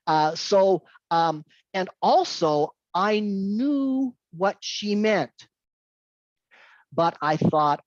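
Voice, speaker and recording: A woman giving an English-teaching talk, telling a story with animated delivery and repeating her key points. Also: mid-range voice, drawn-out words, long pauses, no echo, highs cut off. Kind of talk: lecture with anecdote.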